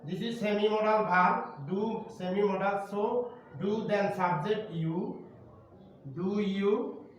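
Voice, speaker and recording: A man with a Bangladeshi accent teaching an online English grammar lesson to primary students, explaining slowly and repeating himself. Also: high voice. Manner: slow, repetitive explaining to students. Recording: roomy, distant, faint noise.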